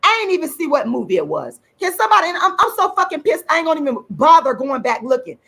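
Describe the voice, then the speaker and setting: An enraged woman rants on her livestream, swearing and repeating her points. Her voice is high and swoops widely, with a gravelly edge and a bright, forceful tone. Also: sing-song, racing. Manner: furious, profane, repeats points for emphasis. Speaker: channel host and activist. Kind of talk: angry livestream rant.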